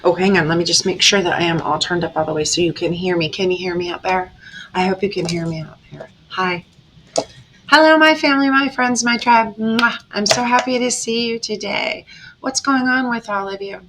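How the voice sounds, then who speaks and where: A woman talking casually to her viewers as a tarot reader, animated and dramatic, often breaking into laughter. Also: on the low side, fairly quick, a little hiss or hum. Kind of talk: casual chatty reading to viewers.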